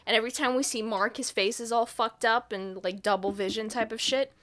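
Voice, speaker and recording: A woman co-hosting a podcast, recapping a movie in a casual, profane, animated way, often breaking into laughter. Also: fairly high pitch, fairly quick. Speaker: podcast co-host.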